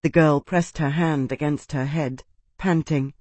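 A man's voice: fairly high pitch, fairly even intonation, a little slow, a little mellow, no echo. Man narrating an audiobook, dry close sound. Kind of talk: scripted narration.

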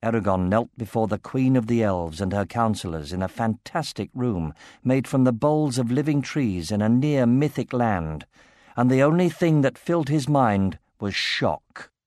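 A man narrating a fantasy novel in a steady, measured reading voice. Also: medium pitch, no room sound, clean studio sound.

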